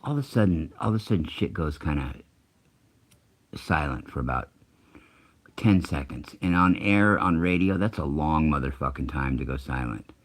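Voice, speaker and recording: A man's voice: extremely low pitch, expressive, normal speed. A middle-aged man telling a rambling, profane personal story in a casual way, often breaking off mid-sentence. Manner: rambling, profane, self-interrupting. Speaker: channel host.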